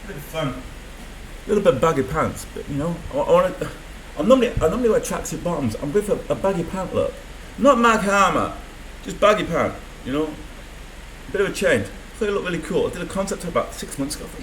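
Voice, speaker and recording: A man talks loosely through a video diary, rambling and swearing freely. His voice sits fairly high and swings widely in pitch. The room around him is echoey, with faint hiss. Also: big pitch swings, normal speed, pauses often. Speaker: vlogger. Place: room in a mental health hospital.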